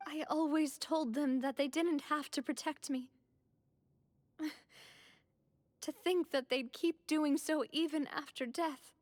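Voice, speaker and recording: A woman voicing a grieving young woman in a video game, speaking softly and sorrowfully. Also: sits high, steady tone, no echo. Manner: soft, slow, sorrowful. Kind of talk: game voice acting.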